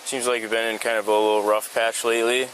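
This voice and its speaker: A police officer who questions calmly, then gives forceful commands. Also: medium pitch, fast, poor audio. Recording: police body camera outdoors with faint noise.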